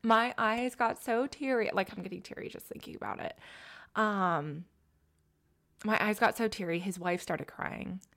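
A woman's voice: medium pitch, a little slow, a bit bright. A young woman, an ICU nurse co-hosting a podcast, telling a heartfelt story in casual chat and dropping to a whisper for quoted words.

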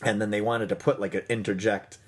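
A man co-hosting a casual movie chat, rambling quickly with restarts. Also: fairly low pitch, flat delivery, slight background noise. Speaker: podcast co-host.

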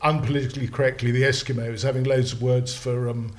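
A man talks through his slang knowledge in a loose, animated way, circling back and restarting his sentences as he goes. His voice sits at a mid pitch and the delivery is casual podcast chat. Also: fast. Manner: animated, digressive, many restarts. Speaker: slang lexicographer guest.

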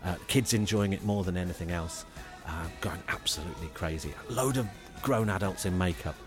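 A man, co-hosting a comedy podcast and telling a rambling, animated story. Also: deep voice, a little fast, over music. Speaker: podcast co-host. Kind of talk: casual comedy chat.

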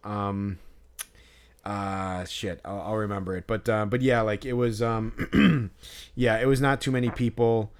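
A man's voice: on the low side, steady tone, measured pace, smooth. A man co-hosting a podcast who tells a story in casual chat, rambling with many fillers and swearing freely. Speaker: podcast co-host.

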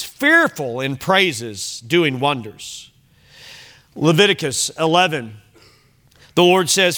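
A man's voice: on the high side, big pitch swings, slow pace, sharp tone. A man preaching an earnest sermon as pastor, quoting scripture in old-fashioned wording. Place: church sanctuary.

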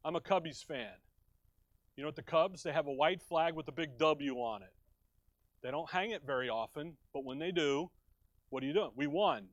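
A middle-aged man from Chicago preaches a sermon in a folksy style and breaks into joking asides with his listeners. His voice sits a little high for a man. The sound is dry, with hardly any room echo. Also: lively intonation, moderate pace, highs cut off. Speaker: pastor. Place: church.

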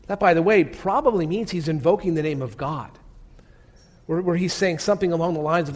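A pastor with a high-pitched voice preaches, telling the story with drama. He often sinks into a hushed tone and turns to his listeners with direct questions. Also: animated, fairly quick. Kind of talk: sermon.

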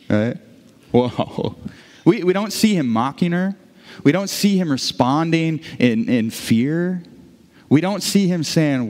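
A man's voice: on the high side, lively intonation, a little slow, a little mellow. A middle-aged man preaching a sermon as pastor, talking to the congregation in a loose, conversational way, often restarting his sentences and dropping in friendly asides. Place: church sanctuary. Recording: long church reverb.

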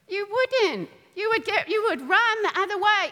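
A woman preaching a sermon in an animated, emphatic way, often laughing, with her voice ringing out in an echoey hall. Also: very high-pitched, moderate pace, few pauses.

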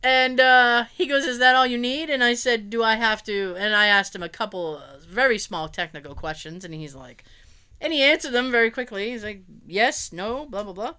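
A woman with a smooth, slightly high voice chats casually at normal speed. She's a lively storyteller who acts out quotes, laughs frequently and swears freely through her funny tales.

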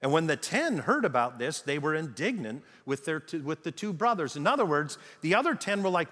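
Male pastor, sermon, lively swinging pitch, slightly high voice, long hall reverb. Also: brisk, few pauses. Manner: animated, full of rhetorical questions.

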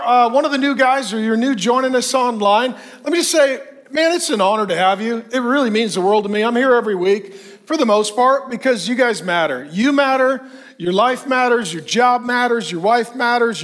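Middle-aged male pastor, high-pitched voice, loud, animated storytelling sermon. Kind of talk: energetic men's group sermon. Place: church hall before a live audience.

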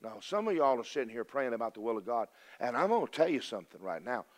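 An older man, preaching a folksy, storytelling sermon that swings from loud declarations to hushed confessions. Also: medium pitch, very animated, quick pace.

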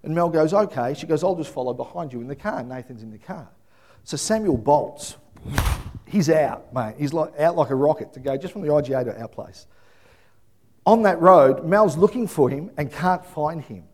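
Animated high-voiced pastor. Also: male voice, normal speed. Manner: animated storytelling, acts out voices, high excited calling. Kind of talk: sermon.

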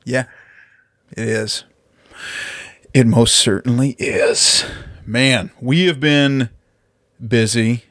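Joking podcast co-host, dry close sound. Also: male voice, mid-range voice, fairly even intonation, very slow, pauses often, fairly bright tone, no room sound. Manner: joking, teasing, laughs often. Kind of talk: casual banter among friends.

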